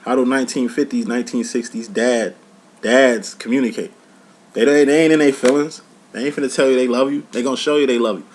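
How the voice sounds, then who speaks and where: Guy doing a tarot reading, swears a lot, straight-talking tough love, mid-pitched voice. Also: steady tone, a little fast, darkish tone, a little hiss or hum. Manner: blunt, profane, preachy tough-love talk. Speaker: tarot reader and life coach. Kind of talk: casual tarot reading monologue.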